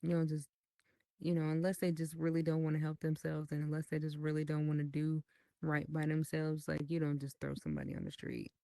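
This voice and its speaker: A woman in her thirties, a podcast guest in casual chat, telling stories in an animated, profane way. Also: sits low, brisk, vocal fry, no echo, studio quality.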